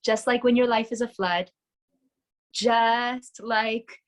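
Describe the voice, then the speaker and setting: A woman's voice: on the high side, steady tone, slow, low-quality recording. A woman teaching a casual online lesson, enthusiastic and chatty, often asking her audience questions over a video call.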